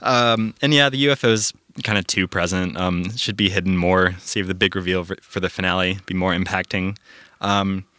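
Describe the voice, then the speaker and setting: Guy on a film podcast, kinda low smooth voice, lots of ums, dry sound. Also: normal speed, no echo. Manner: relaxed, filler-heavy with frequent ums. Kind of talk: casual film review.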